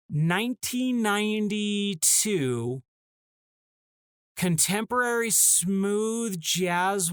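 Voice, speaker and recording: A man with a somewhat high voice rants in casual talk, sounding exasperated and now and then mocking bits of dialogue. The sound is dry and close, with no room around it. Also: dry recording. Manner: exasperated, ranting, mock-acts short dialogue snippets. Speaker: podcast host.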